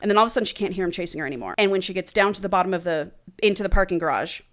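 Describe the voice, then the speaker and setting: A woman's voice: on the low side, very fast, a bit bright. A woman co-hosting a podcast, casually retelling a book's plot with lots of swearing and "he's like.". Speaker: podcast co-host. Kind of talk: casual book-club chat, retelling a plot.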